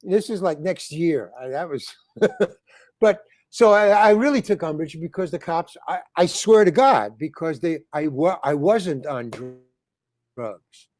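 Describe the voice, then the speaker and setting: Unhurried and expressive, an older man's fairly high, slightly mellow voice comes through in a dry, clean studio recording. A comedian and actor being interviewed, he tells meandering stories full of restarts, acting out the lines he quotes.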